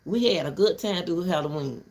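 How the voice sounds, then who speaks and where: A woman's voice: fairly low pitch, lively intonation, normal speed, darkish tone. An older woman ranting casually to her viewers from her back porch, blunt and rambling, breaking into laughter often. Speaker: vlogger.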